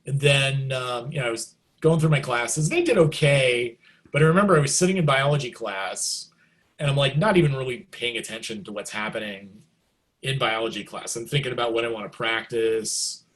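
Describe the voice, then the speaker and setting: A middle-aged man, a guest musician, telling stories in a casual interview, loose and chatty, jumping into excited quoted reactions. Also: mid-range voice, normal speed. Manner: loose and chatty, many likes and you knows.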